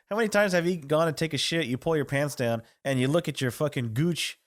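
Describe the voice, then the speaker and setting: A man's voice: fairly high pitch, normal speed. A man co-hosting a podcast, chatting casually and crudely and telling stories with a lot of laughter. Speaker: podcast co-host. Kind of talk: casual chat.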